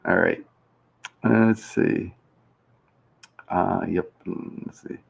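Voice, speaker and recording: A man's voice: sits low, steady tone, drawn-out words, creaky, pauses often, slightly rough, dull audio. A man hosting a game show live stream, chatting casually and reading out viewer comments. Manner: chatty and rambling, reads chat aloud, plays with pronunciations.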